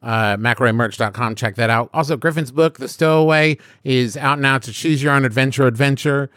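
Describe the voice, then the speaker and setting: An upbeat man reads show announcements as co-host, his voice mid-pitched. He keeps it brisk and casual. The sound is dry and close. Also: fairly bright tone, no room sound.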